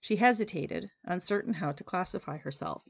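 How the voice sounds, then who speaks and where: Woman, community podcast host, measured steady reading, lowish pitch, gravelly fry. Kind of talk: reading local history and a newspaper clipping aloud.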